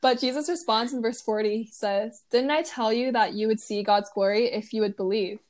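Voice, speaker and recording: A young woman casually retelling a Bible passage in a relaxed study chat, laughing lightly now and then. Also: fairly high pitch, a little fast. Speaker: co-host retelling a Bible story.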